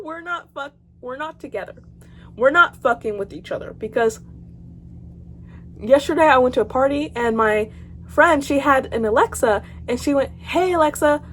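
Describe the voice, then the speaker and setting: A teenage girl vlogger reacting to horror stories, dramatic and casual, swinging between loud outbursts and quiet mutters and swearing freely. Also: high voice, a little hiss or hum. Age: teens. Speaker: YouTuber.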